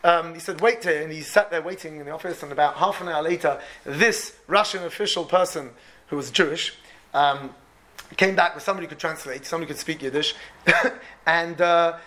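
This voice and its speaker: A man preaching, retelling a true story and acting out its people with lively, repeating speech. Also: a little high, a little fast. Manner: animated, repeats words, voices the people in the story. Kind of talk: storytelling sermon.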